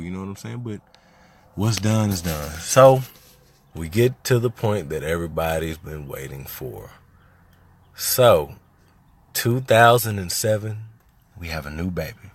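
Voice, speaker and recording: Low-voiced man telling stories. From Little Rock, Arkansas. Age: 30s. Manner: loose and conversational, turns heated and emphatic when recounting frustrations. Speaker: podcast host. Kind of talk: casual storytelling monologue.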